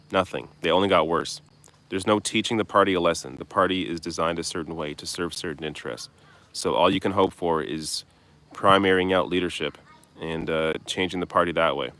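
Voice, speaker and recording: A young man with a deep, low-pitched voice reads viewer comments aloud and answers them on a live stream. He talks bluntly and casually, tossing in the odd swear. He's recording outdoors. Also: pushed and bright. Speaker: political commentary host. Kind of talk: live stream Q&A reading chat.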